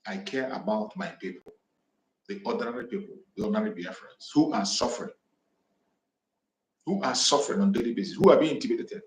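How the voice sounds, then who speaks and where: A man's voice: mid-range voice, animated, brisk, long pauses. A man from southeastern Nigeria, making fiery, repetitive, defiant declarations as he hosts an impassioned livestream address on a home microphone. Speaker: activist livestream host. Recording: echoey room.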